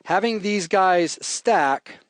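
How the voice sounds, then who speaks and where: A man teaching programming in a relaxed, jokey way while he types, walking through code on a live stream. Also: high voice, slow pace, dry recording. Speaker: programming instructor. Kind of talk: live coding tutorial.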